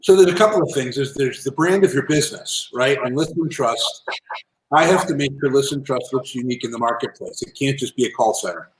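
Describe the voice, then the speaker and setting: A man telling lively business anecdotes as an interview guest, in a casual, animated manner. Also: medium pitch, fairly quick, slight background noise. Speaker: guest, entrepreneur and author. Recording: roomy echo.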